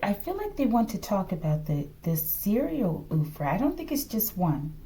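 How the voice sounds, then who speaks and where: A woman with a slight lisp reads tarot cards for her viewers, her medium-pitched voice warm and sing-song. She speaks slowly and casually, speculating as she goes, sometimes dropping to a whisper, and often calls her audience "collective" or checks in with "okay?"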